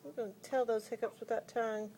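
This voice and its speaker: A woman's voice: on the high side, fairly even intonation, fast talker, dark tone, a little hiss or hum. A young woman filming at home, playfully baby-talking and laughing as she coos at her infant. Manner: playful, cooing, laughing often. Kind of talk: home video baby talk.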